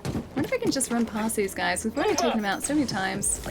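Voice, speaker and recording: A woman's voice: fairly high pitch, big pitch swings, rapid-fire, heavy background noise. Young woman streamer, slight lisp. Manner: clear, well-enunciated speech. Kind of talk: casual live-stream gameplay chat. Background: game music.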